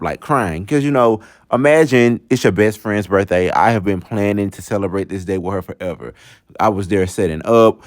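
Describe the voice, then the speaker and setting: A man's voice: sits low, dry recording, clean studio sound. A young man vlogger telling a personal story in a chatty, casual way, often talking straight to viewers. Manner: chatty, repeats fillers, talks to viewers.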